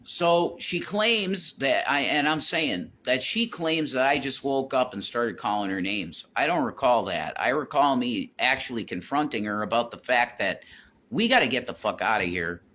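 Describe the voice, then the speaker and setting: A man's voice: mid-range voice, lively intonation, moderate pace, bright, forceful tone. A man rambling and swearing as he walks around his house, vlogging into his phone. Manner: rambling, repeats himself, swears a lot. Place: home, walking around with a phone.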